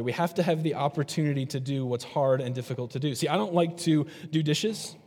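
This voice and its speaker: A middle-aged man delivers a sermon as a pastor, speaking in a fairly high voice. His preaching is conversational and full of rhetorical questions to the congregation. His voice rings with a long reverb, as if he is in a large church hall. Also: darkish tone.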